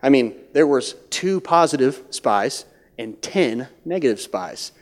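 A man preaching a sermon as pastor of a church, swinging from hushed near-whispers to loud, high-pitched acted-out voices. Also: lively intonation, unhurried. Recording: long hall reverb.

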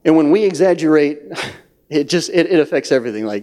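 A man preaching a sermon as pastor of a church, swinging from hushed near-whispers to loud, high-pitched acted-out voices. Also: normal speed. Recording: long hall reverb.

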